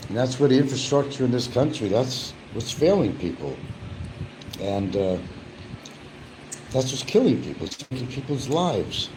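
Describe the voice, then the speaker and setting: A man's voice: mid-range voice, big pitch swings, normal speed, pauses often, noisy background. A man talking casually and rambling at home while he eats, grumbling about the news between bites. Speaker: vlogger. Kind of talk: casual eating vlog chat.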